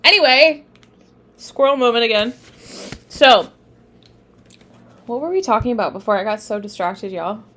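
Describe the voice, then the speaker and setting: A woman's voice: fairly high pitch, normal speed, pauses often, a bit bright. A young woman teaching tarot on a live stream, chatting with viewers, often laughing and getting sidetracked. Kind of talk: casual live-stream lesson.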